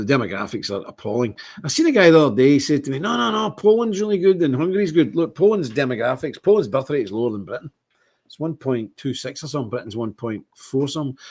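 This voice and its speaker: A Scottish man hosting a live stream, talking in a rambling, indignant way with big swings in pitch. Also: husky. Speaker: livestream host. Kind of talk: casual live-stream monologue.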